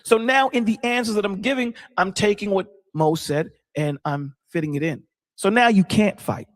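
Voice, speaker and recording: A man who is a pastor, explaining his side in a casual debate with a measured, dryly sarcastic manner. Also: high-pitched, big-room sound. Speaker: pastor guest.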